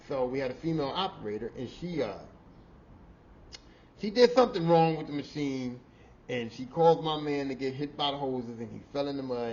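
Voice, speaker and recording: A man hosting a podcast, telling a work story in a casual, animated, profane way and often repeating himself. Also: medium pitch, lo-fi sound, a little hiss or hum. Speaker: podcast host.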